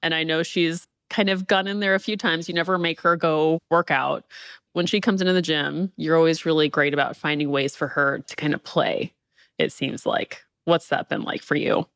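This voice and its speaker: A woman co-hosting a podcast, asking questions in a warm, encouraging way. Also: sits low, fairly even intonation, moderate pace, no echo, studio quality. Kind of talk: casual interview conversation.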